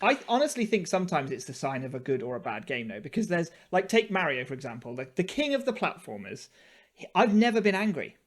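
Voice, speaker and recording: A man's voice: a little high, sing-song, a little fast. A man co-hosting a podcast, rambling in casual chat with self-mocking laughs. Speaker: podcast co-host.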